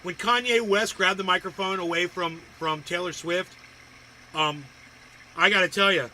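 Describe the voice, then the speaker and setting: A man's voice: sits high, fairly even intonation, normal speed, pushed and bright, a little hiss or hum, poor audio. A man hosting a livestream, reacting to videos with profane, crude ranting and insults. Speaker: livestream host.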